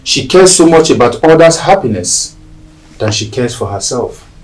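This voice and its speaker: An actor in a Nigerian film playing an earnest young man who calmly declares his love, with a Nigerian accent. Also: mid-range voice, normal speed, lightly acted, rough recording. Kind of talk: Nollywood film acting.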